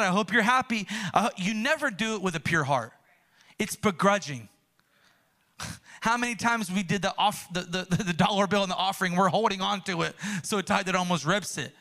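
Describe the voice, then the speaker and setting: Bright-voiced male preacher. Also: high-pitched. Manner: conversational, animated preaching. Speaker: pastor. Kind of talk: sermon.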